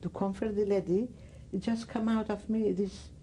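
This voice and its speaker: An older woman with a Greek accent, giving oral history testimony in halting speech, often searching for words. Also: medium pitch, fairly even intonation, warm tone, slight background noise, poor audio. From Greece. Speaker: interviewee.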